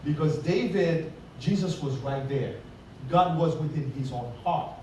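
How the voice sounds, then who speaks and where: A man's voice: on the high side, measured pace, a little mellow, a little hiss or hum. A middle-aged man preaching a sermon and telling a story to the congregation, often checking in with "right?". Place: church sanctuary. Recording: very echoey church hall, distant mic.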